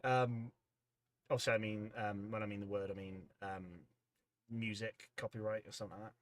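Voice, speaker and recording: Low-voiced, easygoing man chatting. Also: little pitch movement, moderate pace. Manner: rambling and easygoing, reading chat aloud. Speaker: livestream host. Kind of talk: casual livestream chat.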